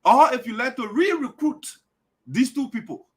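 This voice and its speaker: A man with a Liberian accent hosting an online show, delivering a forceful political monologue that repeats its points and rises to shouts. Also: very high voice, very animated, moderate pace, breathy edge. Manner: forceful, repetitive, rising to shouts.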